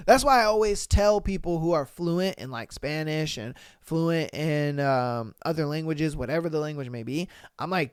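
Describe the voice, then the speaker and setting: A man riffing on a casual podcast, reading out posts and reacting with swearing and slang. His voice is smooth and clean, recorded close and dry with no room sound. He moves between talking to the listener and musing aloud. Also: sits high, normal speed, no room sound. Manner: profane, slangy, animated with frequent asides. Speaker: podcast host.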